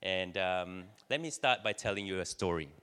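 A man's voice: low-pitched, expressive, normal speed, sharp tone, smooth, big-room sound. A man giving a casual sermon to a church crowd, telling stories with many fillers and restarts. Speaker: church speaker. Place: church hall.

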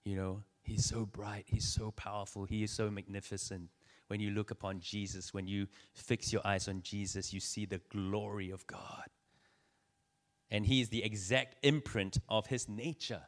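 Low-voiced man preaching a sermon. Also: little pitch movement, normal speed. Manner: conversational preaching, teasing the audience, rising energy.

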